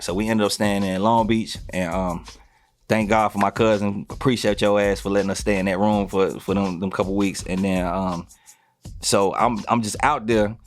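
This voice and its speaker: Fast-talking man telling stories. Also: fairly low pitch. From North Carolina, US. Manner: animated, swears freely, many fillers and restarts. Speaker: podcast guest. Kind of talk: casual storytelling interview.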